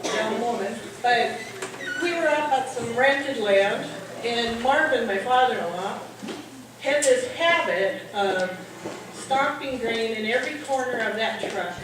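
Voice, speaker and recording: A middle-aged woman telling a funny farm story live at a party, acting out the men's shouting. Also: unhurried. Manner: animated, acts out the men's shouting in a higher voice. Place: hall at a holiday party. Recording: echoey hall, mic at a distance, audience noise.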